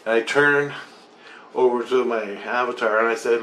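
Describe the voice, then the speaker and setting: A man's voice: medium pitch, fairly even intonation, normal speed, pushed and bright. A man ranting in a rambling monologue, agitated and swearing constantly. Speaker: vlogger. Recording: roomy echoey recording.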